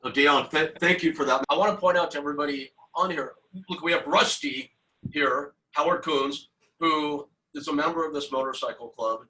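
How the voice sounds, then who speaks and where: A man's voice: on the high side, moderate pace, sharp tone, low-quality recording. A man hosting a live stream interview, friendly and upbeat with his guests over a video call. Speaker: host.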